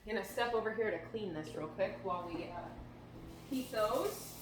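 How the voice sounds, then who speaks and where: A woman's voice: medium pitch, animated, moderate pace. A woman co-hosting a casual cooking demonstration, explaining things in a chatty way with frequent fillers. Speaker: cooking show co-host. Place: home kitchen. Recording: echoey kitchen with background noise.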